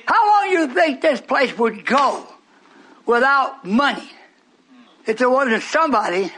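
A man in his eighties preaching a sermon, scolding and rambling, breaking into shouts at his congregation. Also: very high voice, expressive, measured pace. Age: 80s. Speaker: pastor.

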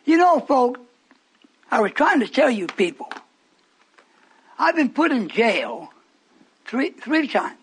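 An older male preacher delivers a fervent, rambling radio sermon to a church congregation. His voice sits very high and sounds husky and breathy. He drifts into stories and asides as he goes. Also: sing-song, takes it slowly, long pauses.

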